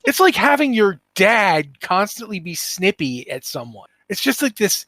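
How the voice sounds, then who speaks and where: A man hosting a casual podcast, talking in an animated, rambling way with many restarts. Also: sits high, a little slow, few pauses, dry recording. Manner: animated, rambling, self-interrupting. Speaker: podcast host.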